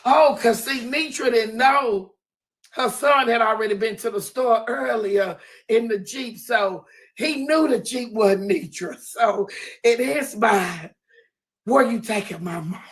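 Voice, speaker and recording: A woman telling a comic story in a persona, animated and dramatic, repeatedly exclaiming and swinging between loud outbursts and hushed asides. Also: fairly high pitch, slow. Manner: animated, exclaims "oh, girl" over and over.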